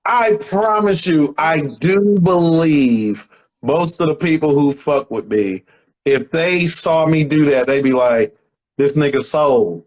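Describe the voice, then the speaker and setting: Animated man chatting casually. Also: on the high side, slow pace, rough recording. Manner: animated, laughing storyteller. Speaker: comedian guest. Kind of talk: casual chat.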